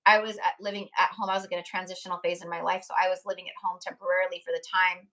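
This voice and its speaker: A woman's voice: lowish voice, level tone, very fast, a bit bright. A young woman hosting a live tarot stream, speaking in a rambling, heartfelt way, with many fillers and restarts. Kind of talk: casual live-stream chat.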